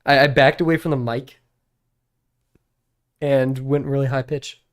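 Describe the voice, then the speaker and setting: A man's voice: medium pitch, fairly even intonation, a little slow, clean tone. A young man in his twenties, a streamer talking in a casual, rambling way, often laughing at himself. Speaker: drawing streamer.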